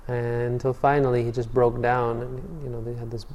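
A man giving a Buddhist dharma talk as a meditation teacher, telling stories calmly and often restarting or repeating words. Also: medium pitch, normal speed, dull audio. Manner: calm storytelling, frequent restarts and repeated words. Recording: long reverb hall.

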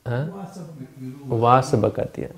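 A man's voice: mid-range voice, slow pace. A man retelling a Buddhist scripture story in a talk, informal and searching aloud for words and names.

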